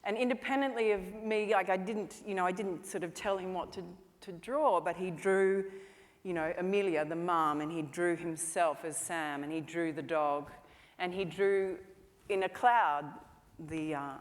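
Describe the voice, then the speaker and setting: A woman's voice: lowish voice, steady tone, normal speed. A woman film director giving a conference talk, telling stories in a chatty way with lots of "you know" fillers. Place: conference hall stage. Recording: long hall reverb.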